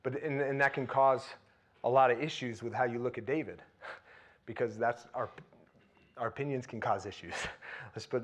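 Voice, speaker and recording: A man preaching a sermon in a conversational way, turning animated and loud when he retells scenes. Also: mid-range voice, moderate pace.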